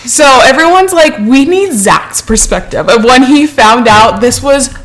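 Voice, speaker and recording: A young woman talking casually as a podcast co-host. She gossips in an animated, chatty way. Her voice sits a little high. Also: measured pace. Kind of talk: casual chat.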